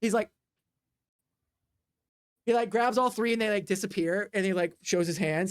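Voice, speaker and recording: A woman's voice: medium pitch, steady tone, normal speed, pauses often, dry recording, clean studio sound. A woman narrating as game master of a tabletop game, rambling with many fillers and sound effects. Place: home desk.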